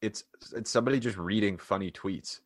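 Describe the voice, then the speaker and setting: A man's voice: fairly low pitch, a little fast, no echo, clean studio sound. A young man co-hosting a podcast in casual chat, wry and teasing, with some swearing. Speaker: podcast co-host.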